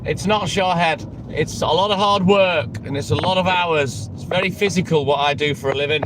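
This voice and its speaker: A man's voice: fairly high pitch, normal speed. A middle-aged man, a milkman, chatting casually to live-stream viewers while working his round, greeting them by name and swearing freely. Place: on the road during a delivery round. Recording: outdoor vehicle noise behind the voice. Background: vehicle and street noise.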